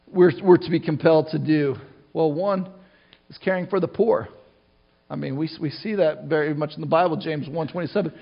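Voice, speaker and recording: Speaking in a high voice for a man, this middle-aged pastor gives a loose, conversational sermon to his church. He keeps starting sentences over and wandering into tangents, all captured on a muffled, low-fidelity recording.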